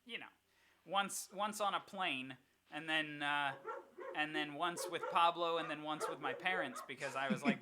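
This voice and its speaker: A young adult podcast co-host chatting casually and telling animated stories. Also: medium pitch, moderate pace, over a noisy crowd. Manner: animated storyteller. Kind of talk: casual chat.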